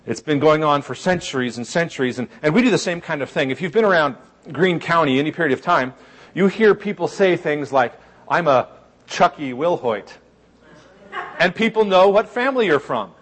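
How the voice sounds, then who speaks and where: A man delivering a sermon with a relaxed, conversational tone and a streak of dry, wry humor. His voice sits a little higher than most men's. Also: normal speed. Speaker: pastor.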